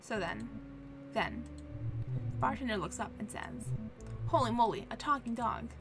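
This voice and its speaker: A woman's voice: on the high side, animated, moderate pace, gravelly, over music. Woman doing an eager, goofy ghost dog. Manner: eager, innocent, chatty. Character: cheerful simple-minded male ghost dog.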